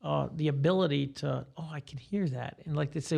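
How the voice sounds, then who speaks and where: A man's voice: on the high side, brisk, creaky, a little mellow. An older man who teaches guitar, giving rambling, teacherly explanations as a guest in a casual podcast interview.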